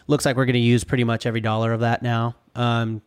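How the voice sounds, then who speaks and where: A man talking casually on a podcast, telling stories about his rental cabins. He is animated and filler-heavy, slipping into the voices of guests and workers as he goes. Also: medium pitch, fast talker, clean tone. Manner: animated, says dude and like a lot, acts out quotes. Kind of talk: casual chat, storytelling.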